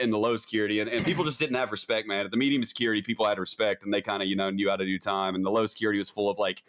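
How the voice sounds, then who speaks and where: A man's voice: on the low side, a bit bright. A man speaking as a podcast guest, telling his story in a candid, blunt, casual way and often tossing in "man". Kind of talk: casual conversation.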